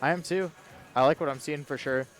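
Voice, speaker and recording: A man's voice: on the high side, a little fast, faint music behind. A young man doing playful, joking live commentary on a fighting game match. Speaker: esports co-commentator.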